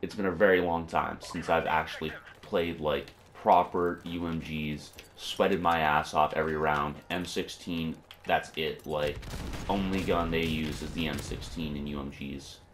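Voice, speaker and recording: A man's voice: a bass voice, fairly even intonation, measured pace, fairly bright tone, a little hiss or hum. A young man with a cold and a congested nose, giving casual, rambling gameplay commentary with frequent swearing. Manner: profane, irritated, rambling. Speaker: gaming video creator.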